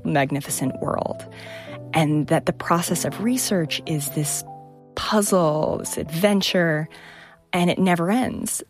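A woman microbiologist telling vivid, enthusiastic stories about her research. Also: sits low. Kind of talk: storytelling talk, stage and interview.

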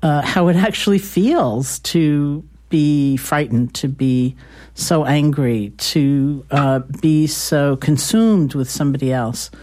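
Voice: mid-range voice, darkish tone. Searching, reflective interview guest. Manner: slow, searching, with fillers.

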